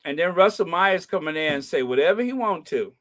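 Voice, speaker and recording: A woman talks on her live stream in an animated, heckling rant. Her pitch swings widely, jumping high on outbursts and dropping low on asides. She laughs often between points. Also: fairly quick. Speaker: channel host.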